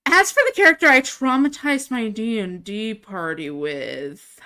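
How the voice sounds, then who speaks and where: Young woman streamer, giggly casual chat, bright tone, close desk mic. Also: a little high, lively intonation, unhurried. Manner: chatty, giggly, self-amused. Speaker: livestreamer.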